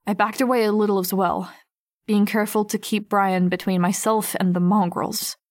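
In a first-person audiobook narration, a woman voices a wary teenage girl telling her own story. Her natural, mid-pitched voice is steady at a moderate pace yet carries an edge of tension, recorded close and dry with no room sound.

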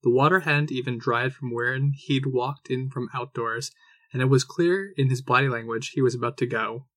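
A man narrating a fan audiobook in a measured storytelling manner. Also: medium pitch, a bit bright, dry recording.

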